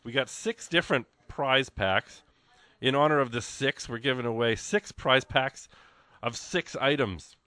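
A man hosting a radio fund drive show, chatty and rambling, with excited exclamations and lots of fillers. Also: mid-range voice, unhurried, no room sound. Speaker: radio host. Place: radio studio.

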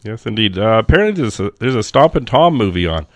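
A man's voice: on the low side, sing-song, fast talker, no room sound. A male radio host, sick and coughing now and then, chatting casually and rambling with dry jokes between songs.

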